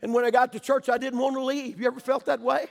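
An older man preaching a sermon in a church, fervent, swinging between shouted pleas and hushed storytelling. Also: extremely high pitch, flat delivery, fast talker, vocal fry, big-room sound.

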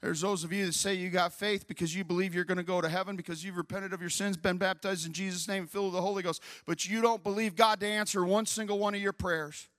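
A middle-aged man preaching a sermon, telling a story and building up to shouted, fiery preaching. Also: sits high, fairly even intonation, fast, hardly any pauses. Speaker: pastor.

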